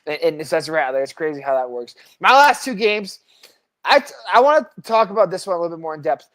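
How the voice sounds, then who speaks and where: A woman co-hosting a casual sports podcast, talking quickly with stumbles and repeated words. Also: on the low side, sing-song, fairly bright tone. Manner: rapid list-reading with stumbles and repeats. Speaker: podcast co-host.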